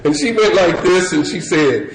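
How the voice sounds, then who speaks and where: A middle-aged man telling his story to a recovery meeting in loose, animated talk full of "you know" and "man". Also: high-pitched, normal speed. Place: meeting hall with an audience. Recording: echoey room with audience and background noise.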